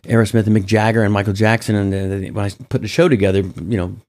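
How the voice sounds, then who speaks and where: A middle-aged man, a comedian guest in an interview, telling stories in an animated way with many restarts. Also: on the low side, quick pace. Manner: animated, acts out quoted voices, many restarts. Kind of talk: casual storytelling interview.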